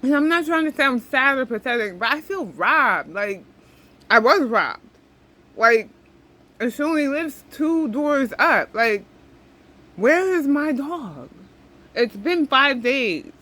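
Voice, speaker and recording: A woman's voice: high-pitched, sing-song, slow, long pauses, pushed and bright, low-quality recording. A young woman venting to camera, upset and rambling, often repeating herself. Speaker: vlogger.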